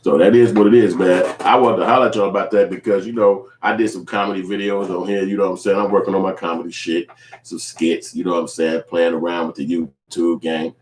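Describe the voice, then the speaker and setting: Man, vlog commentator, profane and animated, lowish voice, echoey room sound. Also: quick pace, a little hiss or hum. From Chicago. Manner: profane, blunt, animated storytelling. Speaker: YouTube commentator.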